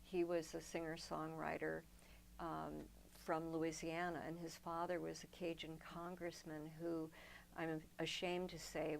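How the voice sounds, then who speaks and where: Gravelly-voiced older woman telling her story. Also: sits low, a little hiss or hum, poor audio. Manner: reflective, tells long personal stories with many restarts. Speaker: interview guest. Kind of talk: storytelling in a sit-down interview.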